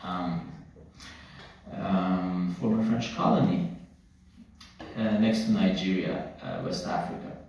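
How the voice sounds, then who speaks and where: Italian-born male stand-up with American accent, deadpan, slow, roomy club sound heard from far back. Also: deep voice, creaky, dull audio. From Italy. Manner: deadpan with halting restarts. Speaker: stand-up comedian. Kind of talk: stand-up comedy set. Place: comedy club stage. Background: audience laughter.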